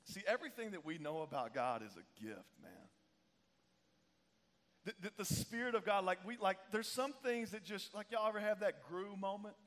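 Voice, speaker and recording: Man preaching, high voice, casual and joking, calls for crowd responses, long hall echo. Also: animated, moderate pace, a bit bright. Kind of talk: lively sermon with call-and-response. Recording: long reverb of a large hall.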